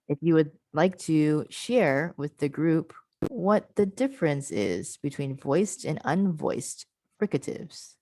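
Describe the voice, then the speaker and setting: A woman's voice: deep voice, expressive, slow pace, mellow, no echo, poor audio. A woman presenting an online pronunciation workshop over a video call, patiently modelling and repeating example words and encouraging participants.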